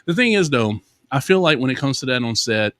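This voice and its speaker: A man with a Louisiana accent co-hosting a casual pop culture talk stream. He explains filmmaking in a relaxed way and leans on "you know.". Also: medium pitch, fairly quick, dry recording, clean studio sound. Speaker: co-host. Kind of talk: casual chat.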